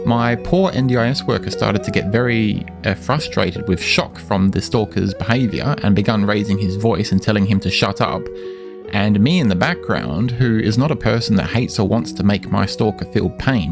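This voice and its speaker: A man speaking insistently to camera in a monologue, repeating and slowly stressing his words. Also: fairly low pitch, gravelly. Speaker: vlogger addressing his stalker. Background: music.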